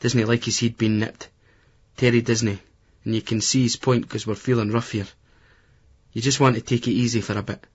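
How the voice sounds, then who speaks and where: A Scottish man tells the story in a blunt, crude, chatty first-person voice at a middle pitch. The audiobook recording sounds dull and lo-fi. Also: little pitch movement, moderate pace, long pauses, husky. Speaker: audiobook narrator. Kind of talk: first-person novel narration.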